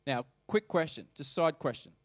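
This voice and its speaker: A man's voice: a little high, animated, normal speed, no room sound, clean studio sound. A man preaching a sermon as pastor, talking conversationally and emphatically and putting questions to the congregation.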